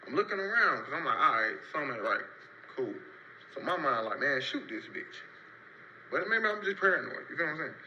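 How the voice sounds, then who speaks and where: A young man telling a casual story-time tale in loose, rambling, slang-heavy talk, marking each turn with a quick "so boom.". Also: sing-song, highs cut off, a little hiss or hum. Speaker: storyteller in a played clip.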